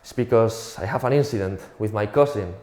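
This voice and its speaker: A man's voice: on the low side, a little fast, a little mellow, reverberant. A young man from Spain with a Spanish accent, telling a profane, self-mocking stand-up comedy routine.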